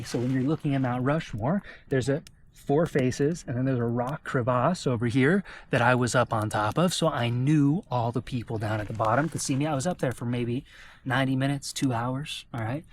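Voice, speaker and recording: An American man, a travel vlogger, telling a personal story to camera in an animated way and often checking in with his listeners. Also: medium pitch, a little hiss or hum. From United States.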